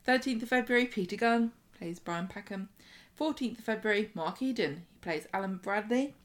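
A woman's voice: mid-range voice, lively intonation, normal speed. A woman co-hosting a podcast in casual chat, with a dry, teasing manner. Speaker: podcast co-host.

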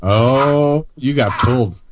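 A man's voice: mid-range voice, takes it slowly, over a noisy crowd. An American man hosting a show, rambling in self-mocking, apologetic casual banter. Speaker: podcast host. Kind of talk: joking casual chat.

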